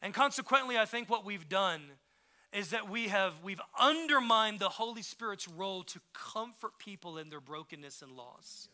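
A male pastor delivering an impassioned sermon in a high, sharply bright voice. He drops to near-hushed tenderness, then climbs to forceful emphasis. Casual asides and quick restarts keep it conversational. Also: lively intonation.

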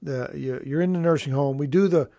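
The host is a middle-aged estate planning attorney giving educational, radio-style talk, his voice fairly high-pitched yet dark in tone, with vocal fry and a brisk pace. He goes over rules in an emphatic, folksy way, hammering home his key points by repeating them.

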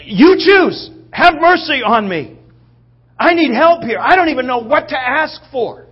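A man's voice: extremely high pitch, animated, unhurried, muffled recording, pitched above the performer's own voice. A man preacher voicing a desperate blind male beggar who pleads urgently for help. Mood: pleading.

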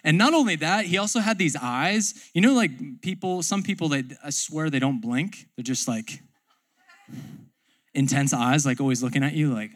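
A man's voice: fairly high pitch, animated, moderate pace. A man pastor preaching a sermon, telling a personal story in a casual, chatty way.

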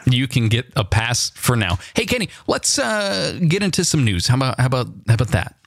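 A podcast co-host in casual chat, teasing and arguing in quick banter. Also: medium pitch, sing-song, vocal fry.

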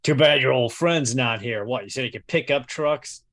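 A man's voice: mid-range voice, normal speed, fairly bright tone. A man playing a tabletop game, talking bluntly and joking with the others. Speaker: player. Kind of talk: casual tabletop game chat.

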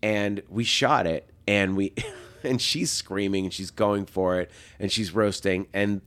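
A man around fifty, a film director, telling animated anecdotes as a guest and acting out the lines he quotes. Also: fairly low pitch, measured pace. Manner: lively storyteller, acts out quotes, laughs often.

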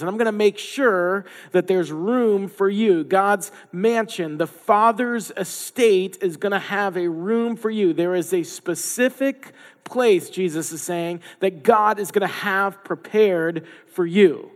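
A male pastor preaches in a relaxed, conversational way, now and then acting out the voices of the people he quotes. His voice sits a bit higher than most men's. It rings with the long reverb of a big hall. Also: measured pace. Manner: conversational, acts out quoted voices with playful asides. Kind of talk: sermon.

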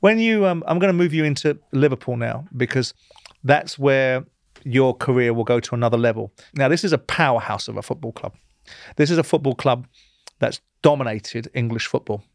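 A man's voice: mid-range voice, brisk, gravelly, no room sound, studio quality. A man hosting an interview, blunt and challenging, cutting in with pointed questions. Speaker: interview host. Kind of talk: confrontational interview.

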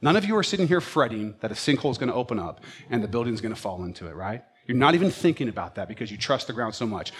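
Lively, animated preaching man. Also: medium pitch, very fast, hardly any pauses, husky. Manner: animated storytelling preacher who acts out his pets' thoughts. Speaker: pastor. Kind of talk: sermon.

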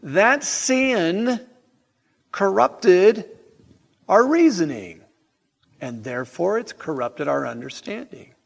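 A man delivers an evening sermon in a church sanctuary, pressing his points with rhetorical questions. His voice sits somewhat high and he speaks at a very slow, deliberate pace. A long reverb from the hall trails every phrase. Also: expressive, creaky. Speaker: preacher.

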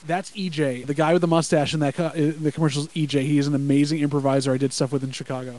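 A man's voice: a little high, flat delivery, fast talker, a little mellow, rough recording. A man co-hosting a casual wrestling podcast, telling stories with wry, dry asides. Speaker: podcast co-host. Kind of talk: casual live-react chat.

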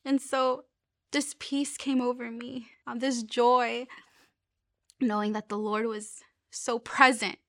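Young woman with a high, narrow-ranged voice, telling a faith testimony earnestly, with halting restarts. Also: little pitch movement, a bit bright, no room sound, clean studio sound. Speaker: speaker sharing a faith testimony.

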